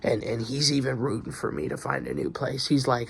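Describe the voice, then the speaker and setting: A man's voice: mid-range voice, animated, brisk, creaky, hardly any pauses, a little hiss or hum. A young man venting in a rambling, profane video diary about his work schedule. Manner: profane, rambling, frustrated venting with many restarts. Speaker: vlogger. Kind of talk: casual video diary rant.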